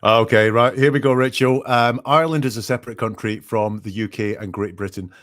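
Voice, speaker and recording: A man's voice: mid-range voice, fairly even intonation, fairly quick, a bit bright. A man with a Scottish accent, a guest on a live stream, explaining things in a friendly way with many fillers. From Scotland. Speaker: guest commentator. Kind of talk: casual live-stream chat.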